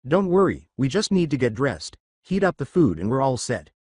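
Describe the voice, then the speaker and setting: A man reading as a gentle teen boyfriend. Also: mid-range voice, sing-song, normal speed, breathy edge, no echo, studio quality. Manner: soothing, reassuring. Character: gentle reassuring teenage boyfriend.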